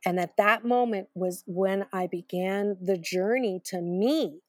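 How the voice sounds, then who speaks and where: A woman's voice: mid-range voice, a little slow, dry recording. A middle-aged woman telling her personal story as an author in an interview, emphatic and repetitive, with self-deprecating humor. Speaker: author and guest.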